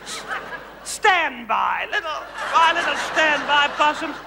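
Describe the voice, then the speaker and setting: A man's voice: extremely high pitch, animated, slow, vocal fry, a loud crowd, heavily acted. A man with an Australian accent playing a vain, glamorous female megastar who was once a housewife, teasing a theatre audience in a live comedy monologue. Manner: camp, teasing, gushing, calls audience darlings. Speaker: stage comedian. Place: large theatre stage before an audience. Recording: reverberant theatre hall, audience noise, VHS broadcast.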